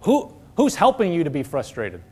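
Male preacher, high voice, earnest conversational teaching, heavy on rhetorical questions. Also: wildly swooping pitch, moderate pace, darkish tone, husky.

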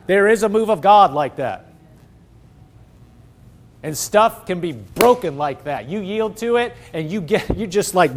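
A man preaching a sermon, swinging from loud, excited exclaiming to low, hushed tones. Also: moderate pace.

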